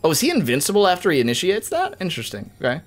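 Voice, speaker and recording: Animated young man streaming a game. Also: a little high, faint music behind. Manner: animated, jokey, quick outbursts of frustration at the game. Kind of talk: casual live-stream commentary.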